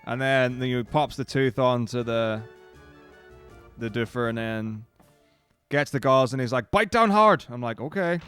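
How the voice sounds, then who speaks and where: A male streamer chatting casually to his viewers, rambling through a story full of restarts and little acted-out quotes. His voice sits at an ordinary, mid-range male pitch, and faint music plays quietly behind him. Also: level tone, measured pace, pauses often, clean tone, no room sound. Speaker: speedrun streamer.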